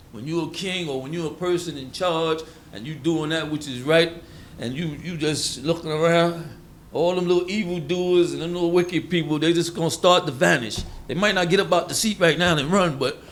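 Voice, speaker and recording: A man preaching a sermon on proverbs in a folksy, colloquial way, acting out everyday quotes. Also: fairly high pitch.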